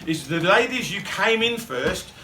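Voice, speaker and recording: High-voiced man guide, far off. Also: a little slow, background noise. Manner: animated, teasing, often shouting. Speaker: costumed shopkeeper guide. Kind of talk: playful call-and-response talk to school group. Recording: roomy, distant mic, loud crowd of children.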